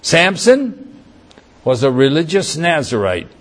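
A man delivers a sermon, reading scripture and then explaining it, often stopping to restart a phrase. His voice sits fairly high for a man and has a husky edge. He speaks slowly and deliberately. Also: very animated. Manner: halting, many restarts and fillers, reads verses aloud then comments. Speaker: preacher. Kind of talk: sermon, Bible teaching.

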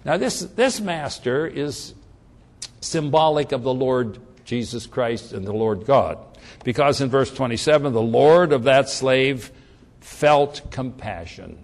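A man preaching a sermon, telling the story with animated delivery and frequent restarts. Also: medium pitch, slow.

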